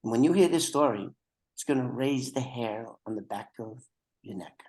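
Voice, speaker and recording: A man's voice: mid-range voice, animated, normal speed, a little mellow, rough recording. An older man hosting a podcast over a video call, chatting casually with rambling, joking asides. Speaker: podcast host.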